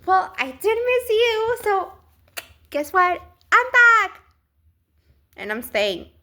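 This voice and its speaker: A woman's voice: very high voice, sing-song, slow, pushed and bright, pitched above the performer's own voice, full character voice. A woman voicing her allergies as a smug, unwelcome guest who has come back to stay, in a teasing, gleeful way. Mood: gloating.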